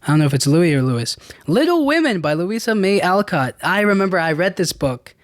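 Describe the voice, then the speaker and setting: A man with a slightly high voice hosts a solo podcast, talking loosely and rambling, often restarting his sentences and dropping casual slang. The sound is close and dry, with no room around it. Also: big pitch swings, fairly quick, no room sound. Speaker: podcast host.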